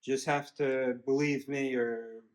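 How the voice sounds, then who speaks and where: Man, mid-pitch, casual lecturing tone, explains patiently in small steps; recorded on a dashcam in an echoey car cabin. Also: steady tone, unhurried. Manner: explains step by step, checks in with "okay?" often. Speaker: son explaining a theory to his father. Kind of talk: casual lecture during a drive. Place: inside a car on the road. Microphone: dashcam mic.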